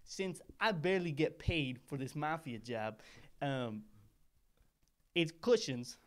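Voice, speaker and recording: A man's voice: fairly high pitch, expressive, slow pace. A man voicing a poor, rambling small-time mafia henchman who talks like a tough guy and keeps digressing, as a comedic monologue. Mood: grumbling.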